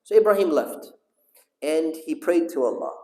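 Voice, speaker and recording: A man's voice: on the high side, lively intonation, moderate pace, darkish tone. A man teaching a storytelling religious lesson, asking the audience questions and calling on listeners. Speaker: sheikh teaching a class. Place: mosque hall. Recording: echoey hall.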